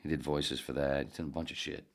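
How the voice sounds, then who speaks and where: Brief: man in his fifties, booming extreme-low voice, profane, digressive podcast storyteller. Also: little pitch movement, fast talker. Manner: profane, digressive, self-correcting. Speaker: podcast host, former radio producer. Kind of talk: casual rambling storytelling.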